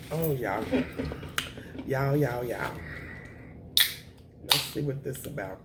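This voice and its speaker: A woman, chatting to camera on her eating show, emotional and thankful, with a voice that is raspy at times. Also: a bass voice, expressive, takes it slowly, long pauses, heavy background noise. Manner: emotional, thankful, says y'all often. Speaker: mukbang vlogger.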